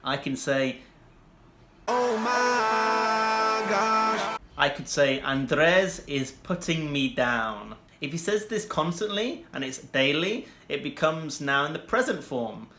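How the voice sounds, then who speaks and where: Bright-voiced man teaching in an echoey room. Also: fairly high pitch, lively intonation, soft background music. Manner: slow, deliberate example sentences with bursts of quick asides. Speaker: English teacher. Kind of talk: explaining vocabulary to learners.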